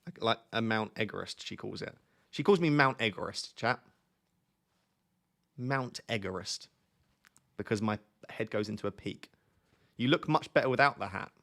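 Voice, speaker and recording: A young man with a gravelly edge hosts a relaxed live stream at his desk mic. He jokes freely and reads viewer comments aloud in a casual, chatty way. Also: lowish voice, fairly quick. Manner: joking, reads chat aloud. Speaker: FPL streamer.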